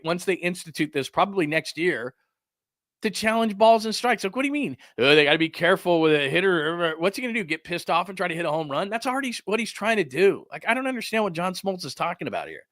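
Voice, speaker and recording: Man, sports talk host, heated sarcastic rant, sharp bright tone, dry close sound. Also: high-pitched, no echo. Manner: heated, sarcastic ranting with mocking put-on quotes. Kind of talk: ranting sports talk show.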